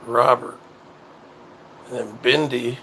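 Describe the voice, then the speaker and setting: A man hosting his own show, chatting casually in a rambling, halting way that often repeats itself. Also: medium pitch, fairly even intonation, sharp tone, slight background noise, low-quality recording. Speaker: show host. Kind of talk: casual livestream chat.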